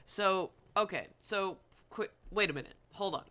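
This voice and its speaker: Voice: medium pitch, normal speed, pushed and bright. A game streamer on a live stream from a desk at home, casually rambling, easily flustered and laughing often.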